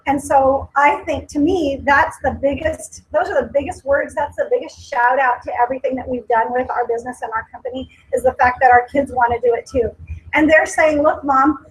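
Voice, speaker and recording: A woman's voice: high voice, fairly quick, slightly rough, low-quality recording. A woman in her forties giving an earnest motivational speech at a company meeting, repeating her points with emphasis and tearful at times. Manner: earnest, emotional, emphatic repetition. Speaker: company speaker at a sales meeting.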